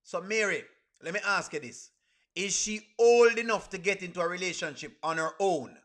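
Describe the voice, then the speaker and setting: A Jamaican man riffing live on a reaction stream. His voice is high and bright. He keeps firing rhetorical questions at his viewers. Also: moderate pace. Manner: asks the chat rhetorical questions, creole grammar. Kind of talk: casual live reaction commentary.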